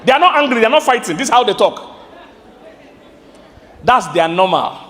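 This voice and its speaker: High-voiced Nigerian pastor preaching. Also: male voice, moderate pace, in a large hall. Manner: animated preaching with sudden high-pitched outbursts; asks the congregation questions. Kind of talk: sermon.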